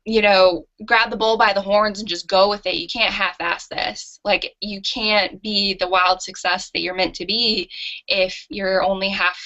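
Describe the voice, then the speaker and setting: Woman entrepreneur, candid and animated, bright forceful voice, dull lo-fi recording. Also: mid-range voice. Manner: animated and self-mocking, with laughs. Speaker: entrepreneur guest. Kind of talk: candid storytelling interview. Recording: dull lo-fi audio.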